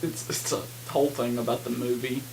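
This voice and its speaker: A man's voice: medium pitch, steady tone, fairly quick, gravelly, darkish tone, a little hiss or hum. A man co-hosting a podcast, chatting casually about a film, rambling with many fillers and laughs. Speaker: podcast co-host. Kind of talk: casual movie chat.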